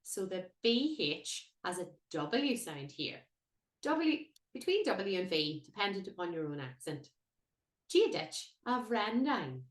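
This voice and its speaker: A woman teaching a language lesson, modelling each word slowly and carefully. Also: lowish voice, big pitch swings. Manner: careful, lilting, drawn-out modelling of words. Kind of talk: slow instructional lesson with repetition. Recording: echoey room.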